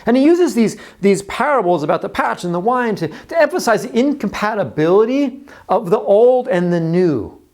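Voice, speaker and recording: A man's voice: sits high, big pitch swings, normal speed, darkish tone. Conversational man preaching a sermon. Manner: conversational preaching, often repeating words. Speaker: pastor.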